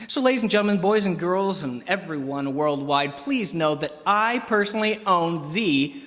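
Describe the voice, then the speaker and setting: A man's voice: high-pitched, lively intonation, normal speed, a bit bright. A man hosting a show, telling a comic story with a wry, self-deprecating delivery. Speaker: comedic musician and host. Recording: long hall reverb with banjo music.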